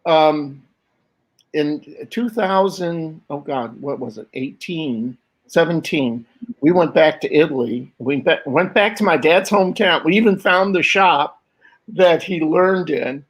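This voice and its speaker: An older man in conversation, spinning stories from his own life with animated energy. He slips into quoted voices and laughs as he goes, with pauses and restarts. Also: on the high side, breathy edge, rough recording. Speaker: guest artist. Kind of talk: conversational interview storytelling.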